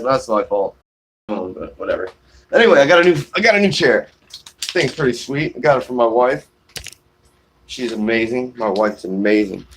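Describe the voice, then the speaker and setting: A man speaks casually on a live stream, recorded on his phone outdoors on a shaded porch. His voice sits a little low, and he rambles, trailing off and restarting as he answers viewer comments. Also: a little hiss or hum. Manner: rambling, many fillers and restarts.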